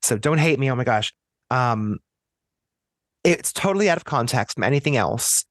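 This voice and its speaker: An American man chatting as a podcast guest, thinking aloud and often circling back to restart his sentences. His pitch is mid-range for a man. The recording is close and dry, with no room sound. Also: expressive, moderate pace, a bit bright, no room sound. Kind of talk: casual podcast discussion.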